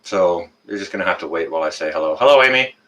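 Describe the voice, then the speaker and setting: A man's voice: low-pitched, animated, quick pace, a bit bright, poor audio. A man hosting a live stream, chatting casually, rambling with many fillers and greeting viewers by name.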